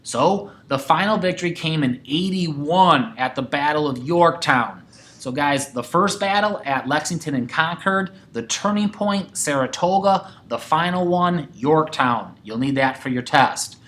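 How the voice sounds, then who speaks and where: A man's voice: on the high side, a little slow. A man teaching a sixth-grade history lesson, talking to his class and acting out quoted voices. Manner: animated, acts out quoted voices.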